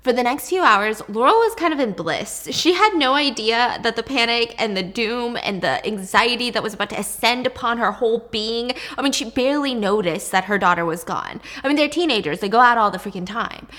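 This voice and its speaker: A woman narrates a true story in a loose, conversational way, swearing casually and turning to the listener now and then. Her voice is a little high and quite bright. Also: expressive, fairly quick, few pauses.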